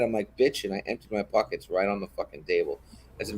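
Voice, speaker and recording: Man, low-pitched, swearing and heated, casual live-stream chat storyteller. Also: fast, dark tone.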